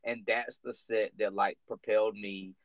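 A man's voice: lowish voice, level tone, normal speed, no room sound. A man hosting a podcast, chatting with his comedian guest in a laid-back, joking way. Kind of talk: casual interview chat. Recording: dry, dull lo-fi sound.

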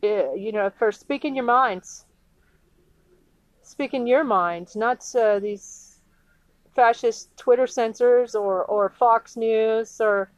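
Woman going off in an angry rant, swears a lot, kinda high voice, dry sound. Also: no room sound, muffled recording. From United States. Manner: profane, indignant, with halting restarts.

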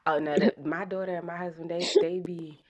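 A woman in her thirties hosting a podcast, telling stories about her kids in an animated way and laughing often. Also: fairly low pitch, brisk. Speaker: podcast host. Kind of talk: casual chat.

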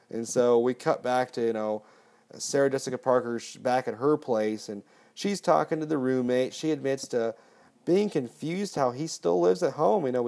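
A man's voice: medium pitch, a little mellow. A man casually recapping a movie, rambling and swearing often. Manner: profane, rambling. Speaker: podcast host.

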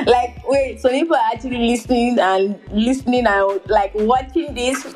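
A young woman hosts her podcast in an easy, giggly ramble, padding her thoughts with filler words. She speaks at an unhurried, drawn-out pace, with faint music playing softly behind her. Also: fairly high pitch, rough recording. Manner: giggly, heavy use of filler words, many restarts. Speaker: podcast host. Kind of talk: casual podcast chat.

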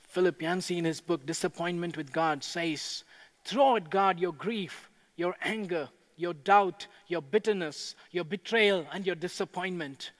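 A man preaching a sermon as a pastor, with a measured delivery that builds to impassioned proclamation. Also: sits high. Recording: echoey hall with long reverb.

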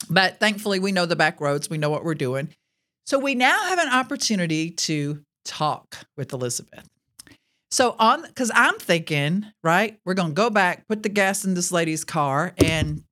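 Woman host telling a testimony story, lively and laughing, acting out the people she quotes. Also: on the low side. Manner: animated, laughing often, jumping into quoted voices. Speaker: ministry host.

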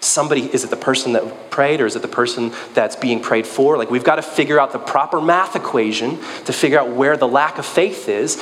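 A man preaching a sermon in a conversational, joking, animated way. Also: medium pitch, a little fast, hardly any pauses, long reverb tail, a little hiss or hum.

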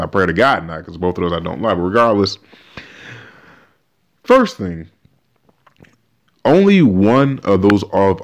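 A man hosting a podcast, giving animated, emphatic opinion commentary and often restarting his sentences. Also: sits low. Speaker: podcast host.

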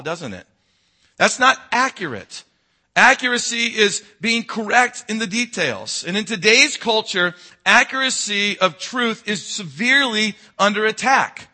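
A male pastor, preaching a sermon that moves between emphatic, loud passages and low, quiet intensity. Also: lively intonation, normal speed.

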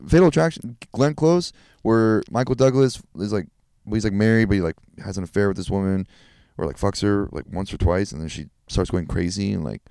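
A man's voice: lowish voice, a little fast, gravelly, warm tone, smooth, no echo, studio quality. A young man in a casual podcast chat, rambling and profane in a laid-back way.

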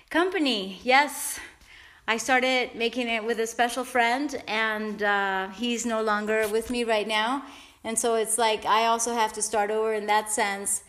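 A woman's voice: on the high side, a bit bright, roomy sound. A woman podcast host, out of breath, chatting and cheering herself on in an upbeat, encouraging way while exercising. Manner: upbeat, self-coaching, encouraging. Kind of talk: casual motivational chat while exercising.

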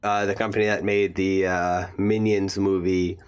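A man's voice: low-pitched, little pitch movement, moderate pace, clean tone. A man co-hosting a gaming podcast in casual chat while sick with a sniffly cold, making blunt, brief remarks. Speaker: podcast co-host.

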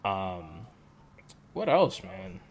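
A man's voice: low-pitched, sing-song, drawn-out words. A man chatting casually with friends, rambling with lots of fillers and restarts. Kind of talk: casual chat.

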